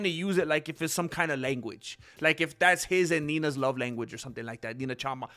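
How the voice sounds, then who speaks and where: Male streamer, casual rambling chat, fairly high voice, animated, greets his chat. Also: fast. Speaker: livestream host.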